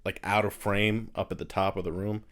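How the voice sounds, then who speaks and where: A man co-hosting a podcast, talking about a film in a relaxed, halting way with small laughs. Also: lowish voice. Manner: laid-back, hesitant, laughs often. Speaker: podcast co-host. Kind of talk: casual film chat.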